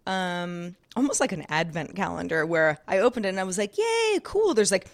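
A woman with a lowish voice talks fairly quickly as she co-hosts a podcast with a sore shoulder. She rambles cheerfully in casual chat and laughs often.

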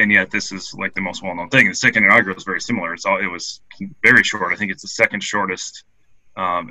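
A man co-hosting a podcast, talking in a halting way with many restarts. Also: sits low, bright, forceful tone, dry recording, low-quality recording. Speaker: podcast co-host. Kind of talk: casual discussion.

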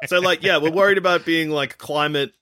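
A man's voice: fairly high pitch, steady tone, a little fast, pushed and bright. A man hosting a podcast, reading out listener emails in a jokey, casual way. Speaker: podcast host. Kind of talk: casual chat.

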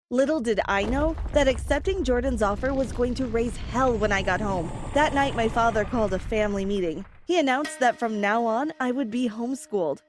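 Woman narrating a story, higher voice. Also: a little fast, few pauses, a little hiss or hum. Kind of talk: scripted first-person story narration.

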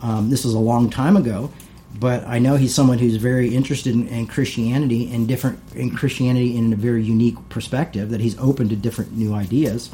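A man's voice: mid-range voice, steady tone, fast, warm tone, a little hiss or hum. A middle-aged man hosting a casual talk, reading passages aloud and paraphrasing them with many asides.

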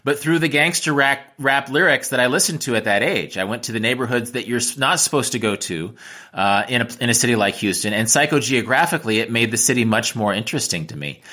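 Bright-voiced American man, reflective. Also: mid-range voice, expressive, fast talker. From United States. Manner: reflective, with frequent restarts. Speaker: travel writer and teacher. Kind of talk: interview answers.

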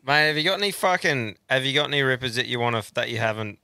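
An Australian man hosting a podcast in casual chat, laid-back and swearing, with quick reactions to his guest. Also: mid-range voice, fairly even intonation, creaky, sharp tone, clean tone, no room sound. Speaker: podcast host.

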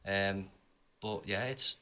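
A man's voice: deep voice, steady tone, slow pace, pushed and bright, clean tone. A man, the guest singer, talking loosely about his song in a casual podcast chat. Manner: rambling, loose storytelling with fillers.

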